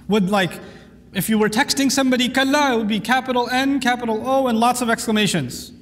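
A man's voice: very high-pitched, normal speed, big-room sound. A man teaching a lecture on the Quran, speaking emphatically and reciting Arabic verses.

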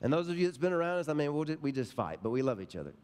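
A man's voice: fairly high pitch, big pitch swings, racing, darkish tone, smooth. A middle-aged male pastor preaching a sermon, telling stories in an emphatic, folksy way. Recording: long reverb of a large hall.

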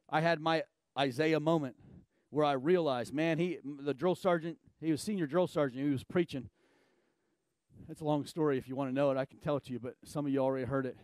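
Emphatic high-voiced male pastor preaching. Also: steady tone, brisk, no echo. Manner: emphatic, swinging from low and quiet to loud and shouting. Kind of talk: sermon.

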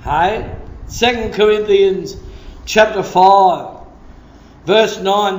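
A man's voice: high-pitched, a little slow, long pauses. A male pastor preaching a sermon with blunt, impassioned emphasis in a church meeting. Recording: roomy room, faint guitar.

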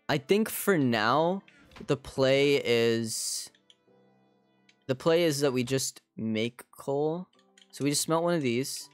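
A man chats casually while streaming a game, rambling and leaning on filler words as he talks to his viewers. His voice sits at an ordinary middle pitch. The sound is dry and close, with faint music playing underneath. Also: dry recording. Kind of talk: casual live gaming chat.

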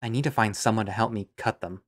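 A man's voice: fairly low pitch, quick pace. A man narrating an audio drama in first person, musing and understated.

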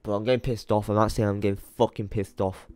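This YouTuber is a young man venting to camera as he hunts through his computer late at night, tired, muttering, rambling, and cursing. He speaks quickly in a fairly low, darkish, smooth voice with little pitch movement, and there's no echo.

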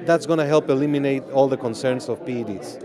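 A man with a Mexican Spanish accent, giving measured interview answers at an outdoor press event. He talks in a deliberate, halting way with many pauses. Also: medium pitch, a crowd in the background. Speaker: boxing organization president.

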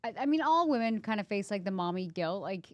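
A woman's voice: medium pitch, animated, fast, dry recording, highs cut off. A woman in her thirties co-hosting a podcast, telling personal stories in a chatty, emotional way full of fillers. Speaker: podcast co-host. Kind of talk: casual conversation.

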